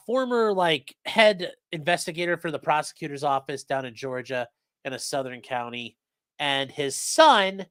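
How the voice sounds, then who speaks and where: A man with a slightly higher, bright, forceful voice banters through his sponsor reads with a deadpan, sarcastic streak. His close mic gives a dry, dead-sounding recording with no room around him. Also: no room sound. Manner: sarcastic, rambling, deadpan jokes addressed to chat. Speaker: podcast co-host reading sponsor spots. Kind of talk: casual livestream chat, joking ad reads.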